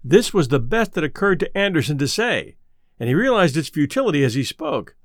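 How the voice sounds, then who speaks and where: A man narrating an audiobook ghost story in a measured storytelling manner. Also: on the high side, big pitch swings, no room sound, clean studio sound.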